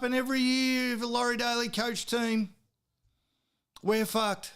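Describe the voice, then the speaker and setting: Australian male podcast host, high smooth voice, heated sweary rant with bursts of shouting. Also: fairly even intonation, moderate pace. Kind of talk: profane sports rant.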